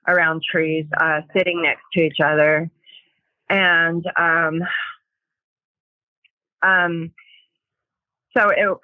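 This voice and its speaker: Woman guest, halting testimony, tinny narrow sound with no room echo. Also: deep voice. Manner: hesitant, halting, with many pauses. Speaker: guest sharing a personal testimony. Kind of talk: emotional personal testimony.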